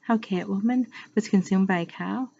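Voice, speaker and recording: A woman's voice: mid-range voice, normal speed, creaky, dark tone. A woman reading aloud gives voice to a confident, chatty little schoolgirl who speaks earnestly and a bit grandly, in a storybook. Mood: cheerful. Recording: muffled lo-fi recording.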